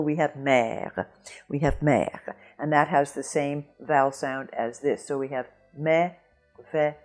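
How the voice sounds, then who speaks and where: A woman teaching French pronunciation in a video lesson, clear and deliberate, slowing down to model each sound. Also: sits low, a little mellow.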